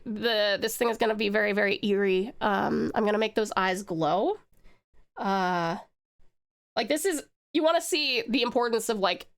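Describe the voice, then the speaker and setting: Chatty woman streamer, slightly high. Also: a bit bright. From Tasmania, Australia. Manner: chatty and rambling, addresses chat directly. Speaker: livestreamer and artist. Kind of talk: casual livestream chat while drawing.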